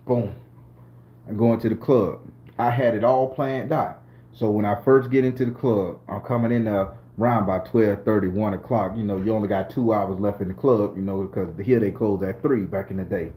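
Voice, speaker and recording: A man's voice: on the low side, moderate pace, warm tone. A middle-aged man from southern Florida with a Southern US accent, telling a story to camera in a slangy, profane, streetwise way. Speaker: channel host storyteller.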